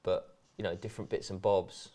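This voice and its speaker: A man's voice: low voice, little pitch movement, normal speed, warm tone. Chatty laughing man, casual co-host. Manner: chatty, laughs often, rambling restarts. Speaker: co-host reading viewer chat. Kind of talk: casual chat during a match watchalong.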